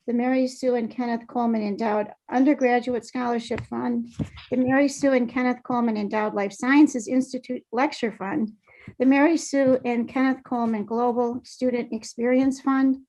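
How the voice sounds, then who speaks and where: A woman's voice: on the high side, dark tone, low-quality recording. A woman who is a university vice president, reading a prepared statement to a board and sometimes showing emotion. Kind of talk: formal board presentation.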